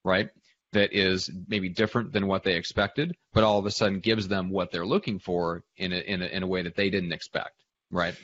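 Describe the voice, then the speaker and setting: A man's voice: sits low, level tone, normal speed, a bit bright, muffled recording, a little hiss or hum. A man co-hosting a podcast, talking in casual business chat, agreeable and thoughtful. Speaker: podcast co-host.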